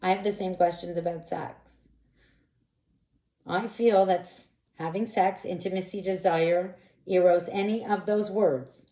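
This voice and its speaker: Woman talking candidly as a coach, warm lowish voice, expressive, echoey room. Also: measured pace. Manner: frank, expressive, animated bursts. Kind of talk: candid direct-to-camera monologue.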